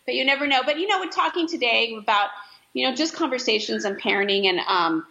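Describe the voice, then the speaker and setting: Bright-voiced older woman telling a story. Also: fast talker, gravelly, lo-fi sound. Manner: animated, acts out her own lines in a higher voice. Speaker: podcast co-host. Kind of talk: casual chat, storytelling.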